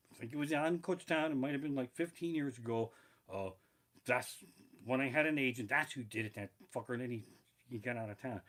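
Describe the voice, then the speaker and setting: Streaming live from his living room through a basic home mic, this comedian rambles through profane stories and reads from his notes. His voice is mid-range, a bit bright, and fairly quick.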